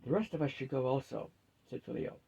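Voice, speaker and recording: A man reading a fantasy novel aloud at a steady, unhurried pace, lightly shifting his pitch for each character. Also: creaky, slightly rough, rough recording. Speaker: storyteller.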